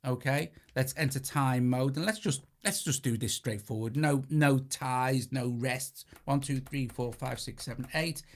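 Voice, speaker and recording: A British man hosts a practical synthesizer tutorial in a medium-pitched, slightly slow voice that hardly pauses. His walkthrough is casual, with self-corrections as he works the buttons, and synthesizer sequences sound in the background.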